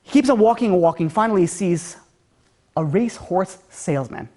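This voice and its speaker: A man, a rabbi, telling a story in an animated, conversational way. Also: sits high, fairly quick. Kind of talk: storytelling talk.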